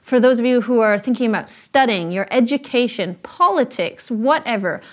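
A woman's voice: on the high side, expressive, normal speed. A woman in her thirties giving an earnest, conversational Christian talk, telling stories with frequent ums and restarts. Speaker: speaker sharing a Christian talk. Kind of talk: informal sermon talk with stories.

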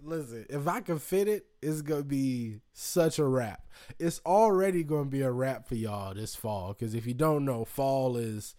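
Rambling, profane man with sudden whoops. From Indiana, United States. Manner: rambling and profane, with excited whoops and jumps into a high voice. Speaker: vlogger. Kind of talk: casual chat.

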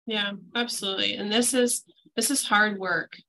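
A woman's voice: mid-range voice, steady tone, moderate pace, gravelly, bright, forceful tone, poor audio. A woman speaking as a guest on a podcast, earnest and reassuring as she gives practical advice. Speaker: school mental health guest. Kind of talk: podcast interview.

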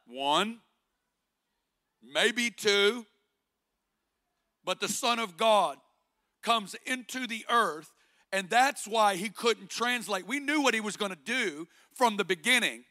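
A man's voice: high-pitched, bright, forceful tone. A man preaching a sermon with passion, asking rhetorical questions and building through repeated phrases.

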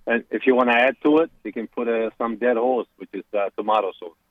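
A man with an Australian accent, calling in to a radio chat show and talking haltingly with many fillers and restarts. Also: mid-range voice, no room sound. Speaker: caller. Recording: tinny phone line.

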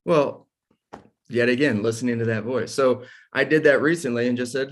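A man's voice: mid-range voice, steady tone, moderate pace. Man, forties, casual faith talk, candid, self-mocking, chatty. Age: 40s. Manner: candid, self-deprecating, laughs at himself.

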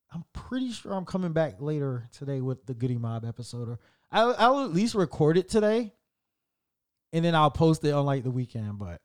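A man hosting a late-night solo podcast, rambling in a relaxed way and correcting himself as he goes. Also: mid-range voice. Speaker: podcast host.

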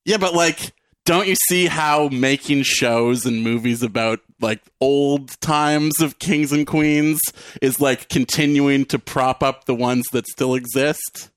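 A man's voice: mid-range voice, takes it slowly, dry recording. A man co-hosting a comedy podcast, arguing his point in a blunt, grumbling way. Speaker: podcast co-host. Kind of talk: casual comedic banter.

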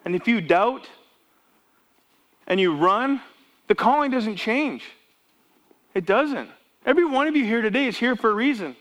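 Man, pastor, high voice, casual sermon, rambling storyteller, acts out quotes. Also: expressive, moderate pace, long pauses, fairly bright tone. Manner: casual storytelling preacher, rambling with restarts, acts out Bible dialogue.

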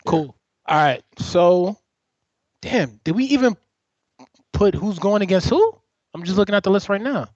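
A man co-hosting a podcast in casual chat, animated and joking, often restarting his sentences. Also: high-pitched, unhurried, long pauses, dry recording. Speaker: podcast co-host. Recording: dry, dull lo-fi sound.

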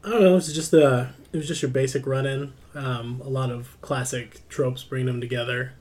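A man's voice: mid-range voice, steady tone, brisk, darkish tone. A man co-hosting a casual podcast, thoughtful and hesitant as he searches for his words. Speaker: podcast co-host. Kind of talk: casual chat.

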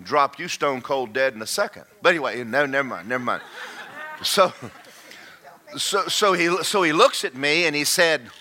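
An older man preaching, telling a folksy story with laughter and rising to shouts. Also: a little high, expressive, normal speed. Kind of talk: sermon storytelling.

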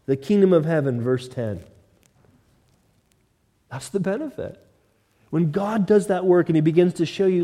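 Male pastor, conversational sermon, mellow tone, long hall reverb. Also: a little high, measured pace, long pauses. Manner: conversational preaching with mock quoted voices.

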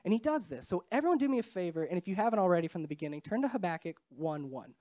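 Stuffed up with a cold, a young female preacher delivers a relaxed, conversational sermon in a lively, nasal voice. Her manner is self-deprecating, and she keeps dropping in brief asides.

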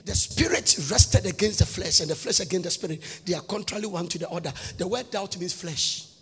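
A man's voice: high-pitched, brisk, a bit bright. A man preaching a sermon as a pastor, in a sing-song cadence full of questions to the congregation. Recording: long hall reverb with faint music.

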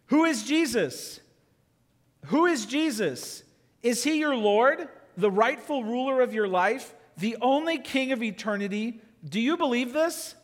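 A man's voice: high voice, fairly bright tone. A man preaching a sermon as pastor, emphatic, with many rhetorical questions. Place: church sanctuary. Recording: long church reverb.

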